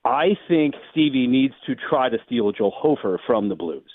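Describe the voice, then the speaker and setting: A man's voice: medium pitch, animated, moderate pace, dry recording. A man on a tinny, phone-like line, talking over sports analysis in a middle register. He hedges and muses as he works through his points, and the sound is dry and close. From St. Louis. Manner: musing, hedging analysis. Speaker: sports radio host. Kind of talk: sports talk radio commentary.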